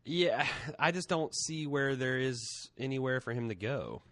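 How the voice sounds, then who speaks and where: Lively, playful podcast co-host man. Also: medium pitch, moderate pace, no echo. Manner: playful, teasing banter. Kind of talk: casual podcast chat.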